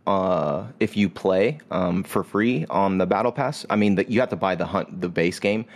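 A man hosting a casual podcast chat, explaining a video game at length with plenty of fillers. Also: deep voice. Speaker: podcast host. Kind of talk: casual chat about games.

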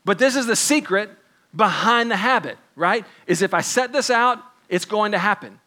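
High, bright-voiced male preacher. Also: animated, normal speed. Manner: earnest, conversational preaching with props. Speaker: pastor. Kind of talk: sermon.

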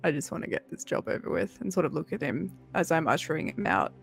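A woman's voice: low-pitched, very animated, quick pace, creaky, husky. A woman playing a tabletop role-playing game, playful and laughing, speaking for her character. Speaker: player.

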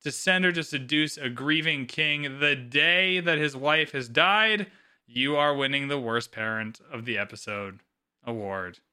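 A man's voice: medium pitch, a little slow, sharp tone, smooth. A man co-hosting a podcast, talking casually and swearing freely as he gives his opinions. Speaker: podcast co-host.

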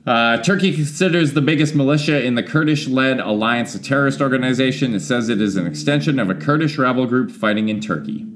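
A man's voice: medium pitch, fast talker, hardly any pauses. A man in his forties, a podcast co-host in casual chat who rambles and swears freely. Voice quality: profane, rambling.

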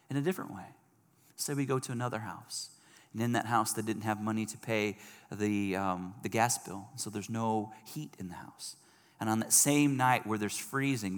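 A man preaching a sermon, animated and acting out quoted people in raised voices. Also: medium pitch. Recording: long hall reverb.

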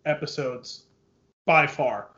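A man hosting a podcast in casual chat, animated and retelling scenes with frequent laughs. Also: a little high, slow, echoey room, dull audio. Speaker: podcast host.

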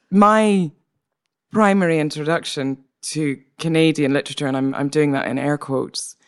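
A woman from Northern Ireland with a Northern Irish accent, a guest poet telling a story in a casual interview with laughter and many restarts. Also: deep voice. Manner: animated, laughing, full of restarts and asides.

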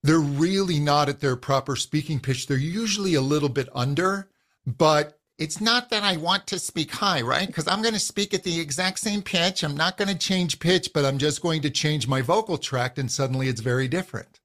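A middle-aged man, a vocal coach, explaining voice and breathing in a calm, instructive way during an interview. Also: a little high, moderate pace. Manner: calm, instructive, uses physical demonstrations of voice.

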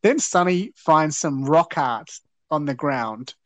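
A man talks through an old episode scene by scene, earnest with wry asides. His voice sits a touch high, and the sound is dry and close. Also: expressive, slow pace, no room sound. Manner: earnest, wry, recounting plot. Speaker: podcast host. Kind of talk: casual episode recap.

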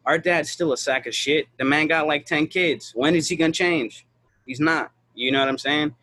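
Man, husky, dry close sound, blunt, profane, animated storyteller. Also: on the high side, moderate pace, no room sound. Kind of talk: casual podcast chat.

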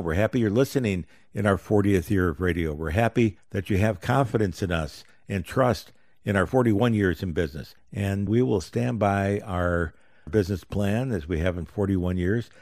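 A middle-aged man hosts a live radio show on personal finance. His voice sits very low, and he talks in a folksy, upbeat salesman's patter. The studio sound is dry and close. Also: moderate pace, darkish tone, dry recording.

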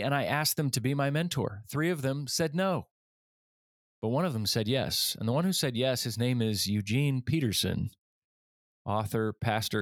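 Male podcast host, 40s, earnest storyteller, middle pitch, dry booth sound. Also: dry recording. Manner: earnest, animated when quoting others. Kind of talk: storytelling monologue.

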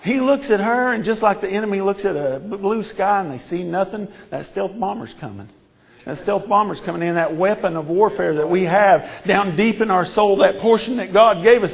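A man with a notably high voice delivers a sermon. He swings from hushed storytelling to fervent, repeated declarations. His delivery builds to shouts. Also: animated, normal speed, creaky. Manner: impassioned, building to shouted repetitions. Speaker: preacher.

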